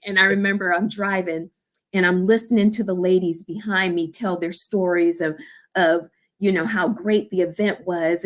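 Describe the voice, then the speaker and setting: A woman's voice: fairly low pitch, steady tone, moderate pace. A woman who founded a support organization tells a personal story in an interview, earnest and heartfelt, often saying "you know" and "I remember".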